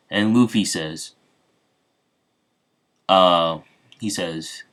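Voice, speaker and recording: A man's voice: low voice, slow pace, a bit bright. A man casually making up and telling a story, chatting loosely with his viewers as he goes. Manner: loose, off-the-cuff retelling with asides to viewers. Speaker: channel host. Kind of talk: casual improvised fan-fiction storytelling.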